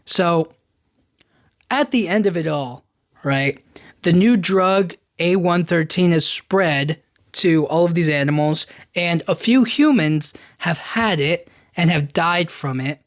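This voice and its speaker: A man's voice: a little high, slow, no room sound, studio quality. A man hosting a podcast, casually retelling a movie plot in a rambling way full of fillers. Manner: rambling, filler-heavy retelling with frequent "you know what I mean". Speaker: podcast host. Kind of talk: casual film recap.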